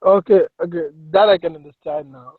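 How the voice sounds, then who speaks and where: A man on a video call speaking halting, non-fluent English, apologetic and hesitant with many restarts, heard through dull call audio. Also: high-pitched, fairly even intonation, slightly rough, no echo. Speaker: chat participant.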